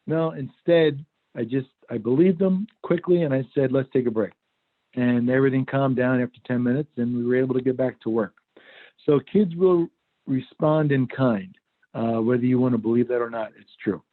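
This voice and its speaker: A man's voice: medium pitch, moderate pace. A middle-aged man giving a workshop talk and telling a story in an easy, conversational way. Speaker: workshop presenter. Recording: phone-like video call audio.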